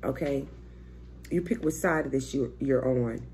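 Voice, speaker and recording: Gravelly-voiced woman reading tarot. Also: rumbling low, unhurried, darkish tone, slight background noise. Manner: chatty, profane, thinking aloud. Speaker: tarot reader.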